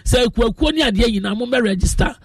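A woman's voice: a little high, lively intonation, very fast, husky. A Ghanaian woman hosting a casual radio show, reading listener messages aloud and laughing playfully. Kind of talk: casual radio chat, mixing Twi and English. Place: radio studio.

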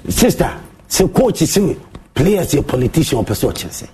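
A man with a Ghanaian accent hosting a sports monologue show, mixing Twi and English, theatrical, with big swings in pitch. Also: sing-song, normal speed, warm tone, slightly rough. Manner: mixes Twi and English, theatrical, shifts pitch a lot, sings bits.

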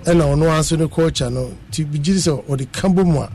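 Man, Ghanaian accent, mellow tone, fairly high voice, faint music underneath. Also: quick pace, creaky, rough recording. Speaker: guest. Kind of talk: casual radio chat.

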